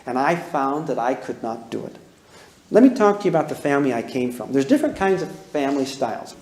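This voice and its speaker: A man's voice: on the high side, darkish tone, roomy sound. A man in his eighties teaching a parenting class, telling plain-spoken stories about his own childhood and putting questions to his audience. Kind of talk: folksy storytelling lecture.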